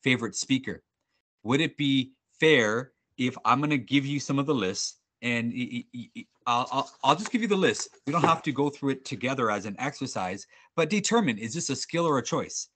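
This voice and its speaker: A man presenting a sales webinar over a video call, upbeat and animated, joking with attendees and restarting his sentences often. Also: medium pitch, a little fast, breathy edge. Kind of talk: energetic workshop presenting.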